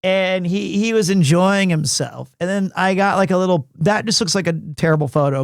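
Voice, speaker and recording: A man's voice: high-pitched, moderate pace, vocal fry, hardly any pauses, no echo. A man hosting a game livestream, chatting casually in a gushing, rambling way and often repeating his words. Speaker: livestream gamer host. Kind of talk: casual stream chat.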